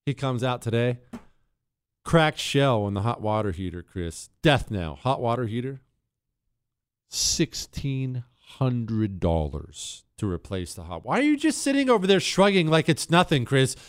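A man's voice: medium pitch, very animated, moderate pace, clean tone, dry recording, clean studio sound. A man hosting a talk show, ranting in a sarcastic, exasperated monologue.

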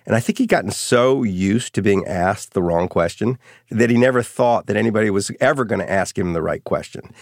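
A middle-aged man, an author being interviewed, telling anecdotes in a lively, casual way. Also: on the low side, fairly quick, no echo, clean studio sound. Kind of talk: storytelling interview.

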